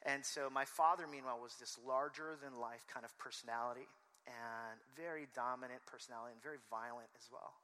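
A man's voice: medium pitch, fairly even intonation, fairly quick, pushed and bright, long reverb tail. A man preaching a sermon, telling personal stories and acting out the voices he quotes. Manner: storytelling, acts out quoted voices. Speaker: pastor.

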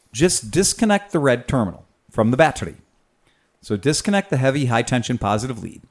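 Profane mechanic host explaining bikes. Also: male voice, medium pitch, a little mellow. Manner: profane, patient step-by-step explainer. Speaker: podcast host and motorcycle mechanic. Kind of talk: casual podcast chat.

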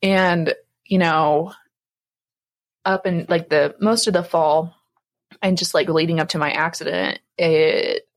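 A woman's voice: fairly low pitch, fairly even intonation, slow, long pauses. A young woman co-hosting a casual faith podcast, rambling with many fillers and frequent laughs. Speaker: podcast co-host.

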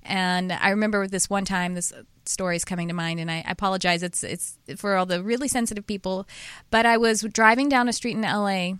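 A woman hosting an interview, telling stories in a rambling, animated way with many restarts. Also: medium pitch, a little fast, clear, resonant tone, no room sound. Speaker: podcast host. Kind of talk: casual interview chat.

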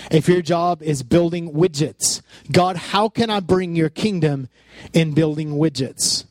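A man in his thirties preaching a personal, animated sermon, with frequent restarts as he talks. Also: a little high, a little slow, dry recording. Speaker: pastor.

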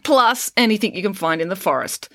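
A woman's voice: medium pitch, expressive, fairly quick, dry recording, studio quality, pitched above the performer's own voice, close to an everyday voice. A woman putting on a smug, grinning camp leader. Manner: gleeful, teasing announcements.

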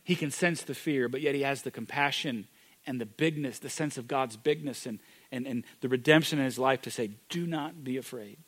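A man preaching a sermon, moving from loud, emphatic declarations to hushed, intimate moments. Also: mid-range voice, brisk, slightly rough. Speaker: pastor.

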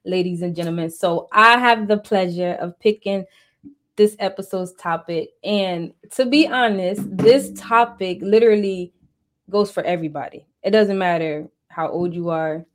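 A woman co-hosting a podcast in casual chat, slangy and quick to laugh, talking straight to viewers. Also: fairly low pitch. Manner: slangy, laughs easily, talks to viewers directly. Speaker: podcast co-host.

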